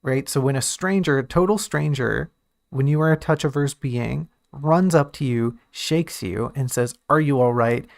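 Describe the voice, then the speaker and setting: A man's voice: mid-range voice, measured pace, gravelly, darkish tone, no echo, studio quality. A man who writes and streams, talking casually and thinking aloud about a story draft, often restarting and correcting himself.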